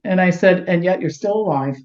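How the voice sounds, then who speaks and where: A middle-aged woman being interviewed, telling lively anecdotes and acting out the dialogue. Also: on the low side, brisk. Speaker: guest, health doctor. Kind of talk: storytelling in interview. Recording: roomy, dull lo-fi sound.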